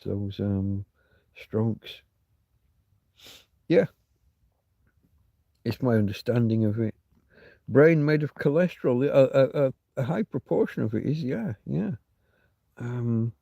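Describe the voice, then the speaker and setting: A man's voice: mid-range voice, gravelly, dark tone, no room sound. A man hosting a casual livestream chat, rambling and thinking aloud, swearing now and then. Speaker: livestream host.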